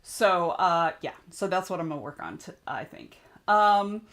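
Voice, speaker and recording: A woman's voice: on the low side, expressive, measured pace, a bit bright. Southern woman streamer, chatty and rambling, greets chat by name, desk-mic sound. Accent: Southern US (Georgia). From United States. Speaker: streamer and author. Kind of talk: casual livestream chat.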